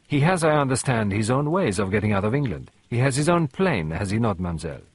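A man voicing a shrewd elderly Belgian detective, speaking in a measured, formal way with words mixed in. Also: mid-range voice, sing-song, slightly rough, dry recording. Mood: explaining.

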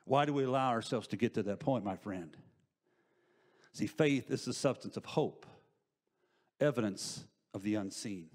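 A middle-aged man preaching a sermon in church. He asks rhetorical questions and moves between loud, emphatic lines and hushed asides. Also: fairly low pitch, normal speed, pauses often. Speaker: pastor. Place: church sanctuary.

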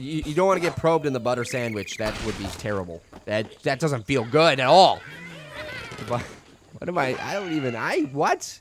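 A young man hosting a silly game commentary, tired and loopy, rambling from mumbles to loud outbursts. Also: on the high side, animated, moderate pace, a little hiss or hum. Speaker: gaming video host. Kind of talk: silly let's-play commentary. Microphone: desk microphone.

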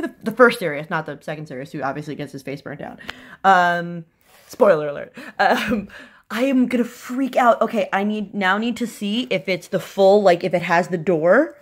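A woman in a casual unboxing vlog, excitable and gushing, her voice swinging up into squealing highs. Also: moderate pace. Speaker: vlogger unboxing a fan subscription crate.

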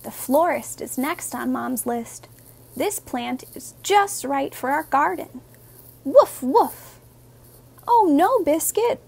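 A woman, a teacher, reading a children's picture book aloud in a gentle, expressive, sing-song way. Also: sits high, slow, vocal fry.

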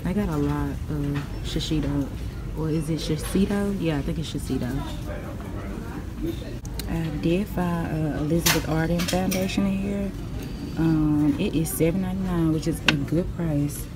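A woman with a low voice and a Southern US accent wanders a large store, pointing out items and calling her viewers y'all. Loud shop noise runs behind her the whole time, recorded on the move. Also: steady tone, normal speed. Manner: chatty, lots of ums, addresses viewers as y'all. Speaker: beauty vlogger. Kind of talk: casual in-store shopping commentary.

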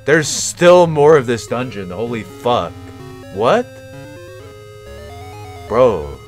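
A man's voice: mid-range voice, big pitch swings, extremely slow, faint music behind. A man streaming a video game and commenting casually, with profane, self-mocking jokes.

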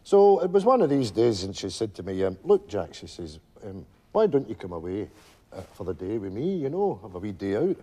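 An actor playing an older widowed Glasgow pensioner with a Glaswegian Scottish accent, telling a rambling stage monologue full of "you know" asides. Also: male voice, fairly low pitch, big pitch swings, a little fast, mellow. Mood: wistful storytelling. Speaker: stage character telling a story to friends.

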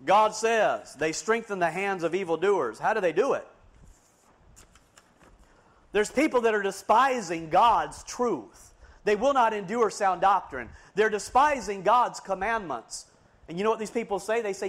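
A man preaching a fiery sermon, swinging between loud, emphatic declarations and hushed, quiet asides. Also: high-pitched, animated, moderate pace.

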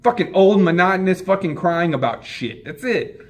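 A man's voice: high-pitched, animated, moderate pace. A man delivering an angry, profane rant about wrestling fans as a wrestling YouTuber.

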